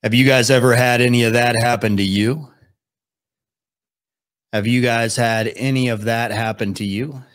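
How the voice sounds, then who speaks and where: A man's voice: mid-range voice, fairly even intonation, moderate pace, long pauses. A young man hosting a live stream, reacting to videos with dry, sarcastic remarks and reading out chat. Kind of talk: casual live-stream commentary.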